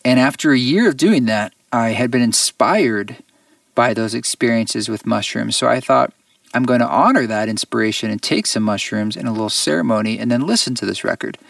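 Gravelly man telling a story, earnest. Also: medium pitch, a bit bright, no room sound, recorded from a distance. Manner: earnest, reflective, halting restarts. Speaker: podcast guest, musician. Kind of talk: casual storytelling interview.

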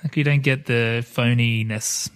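A man's voice: mid-range voice, fairly even intonation, a little slow, a bit bright, smooth. Laughing, rambling podcast co-host man. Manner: laughs often, rambling and enthusiastic. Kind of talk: casual chat about a film.

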